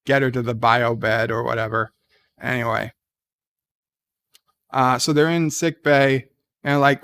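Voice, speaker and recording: Gravelly man rambling through a recap. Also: mid-range voice, fairly even intonation, measured pace, long pauses, a bit bright. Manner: rambling, with many fillers and restarts. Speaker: show reviewer. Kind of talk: casual recap of a TV episode.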